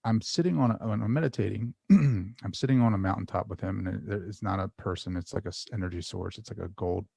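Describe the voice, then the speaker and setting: A man guest talking about meditation and spirituality in a rambling way, full of restarts, animated when he tells a story. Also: on the low side, fast talker, creaky, breathy edge, no room sound. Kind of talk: casual spiritual chat.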